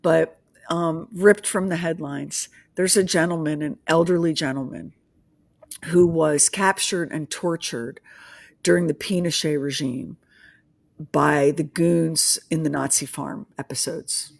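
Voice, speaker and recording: A woman co-hosting a podcast livestream, talking in a chatty, animated way and laughing often. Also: deep voice, measured pace, creaky, no room sound. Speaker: podcast co-host. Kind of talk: casual livestream chat.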